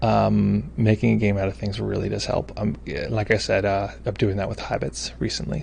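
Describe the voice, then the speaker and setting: A man's voice: fairly low pitch, flat delivery, moderate pace, vocal fry, hardly any pauses, a little mellow, slight background noise. A man who hosts a meditation livestream, chatting casually from home as he reads viewer comments, rambling, stumbling over names and gushing with thanks. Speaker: meditation teacher hosting a livestream.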